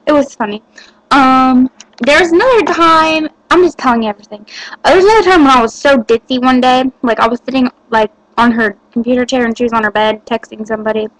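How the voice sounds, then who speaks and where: A woman's voice: high voice, fast talker, no echo, low-quality recording. A teenage girl chatting to the camera, giggly and rambling with lots of fillers. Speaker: vlogger. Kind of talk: casual chat to camera.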